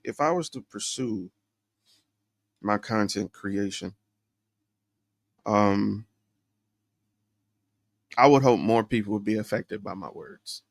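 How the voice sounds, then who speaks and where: A man's voice: on the low side, takes it slowly, creaky, long pauses, no echo. A man hosting a solo podcast, talking candidly and introspectively, rambling with fillers and restarts. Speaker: podcast host.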